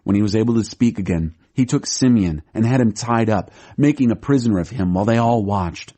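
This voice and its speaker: A man narrating a Bible audiobook in a steady, measured storytelling voice. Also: on the low side. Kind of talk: scripted Bible reading.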